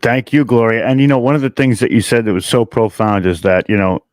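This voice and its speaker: Smooth-voiced man hosting an online conference. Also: lowish voice, steady tone, fast, no room sound, clean studio sound. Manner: effusive and chatty, frequent "you know". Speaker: conference host. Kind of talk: casual online conference chat. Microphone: video call mic.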